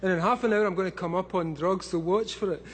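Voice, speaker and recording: Brief: drunk Scottish man in his thirties, high and loud, swearing through a live speech over a faint hum. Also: fast talker. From Scotland. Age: 30s. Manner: loud, swearing, laughing between lines. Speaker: convention speaker. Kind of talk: profane live talk to an audience.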